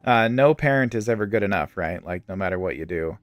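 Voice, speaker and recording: A man's voice: low voice, expressive, brisk, no echo. A young man streaming a game, chatting and joking while telling stories. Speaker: gaming streamer. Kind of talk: casual chat while playing a game.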